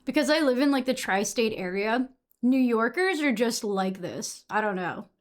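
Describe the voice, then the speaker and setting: Young woman streamer with a high voice, from Massachusetts; loose, chatty, swears freely while answering her chat. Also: lively intonation, normal speed. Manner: chatty, swears casually, reacts to chat messages.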